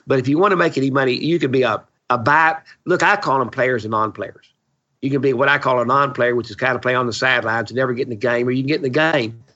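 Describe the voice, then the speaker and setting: A man's voice: mid-range voice, quick pace, sharp tone. A man in his seventies, a real estate investor guesting on a podcast, telling stories in a blunt, opinionated, salty way on a dull lo-fi recording. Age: 70s. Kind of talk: storytelling interview chat.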